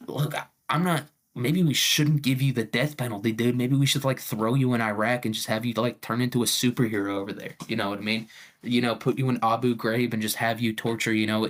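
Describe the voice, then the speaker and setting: Rambling, crude man ranting. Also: medium pitch. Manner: crude, rambling, lots of filler words and swearing. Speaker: comedy podcast host. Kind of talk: casual comedic rant.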